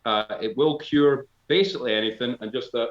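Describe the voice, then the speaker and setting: A Scottish man spinning rambling, deadpan comic patter between songs. His voice sits in a middle range and sounds slightly dull. The room around him is echoey. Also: medium pitch, fairly quick. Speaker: folk band member. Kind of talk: joking live-stream banter. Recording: echoey, slightly dull live-stream audio.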